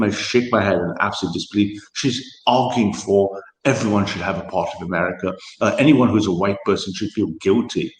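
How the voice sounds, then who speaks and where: A man in a conversational political chat, talking in a rambling, animated way with many fillers. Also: lowish voice. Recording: echoey room.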